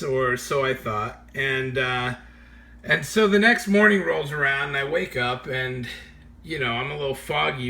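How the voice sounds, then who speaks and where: A man telling a funny true story in a casual, animated way, often laughing as he tells it. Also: on the high side, creaky.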